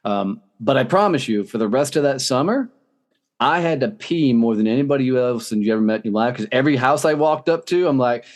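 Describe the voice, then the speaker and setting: A man being interviewed as a podcast guest, telling blunt, profane stories in a fast, lively, casual way. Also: medium pitch. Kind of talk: casual storytelling.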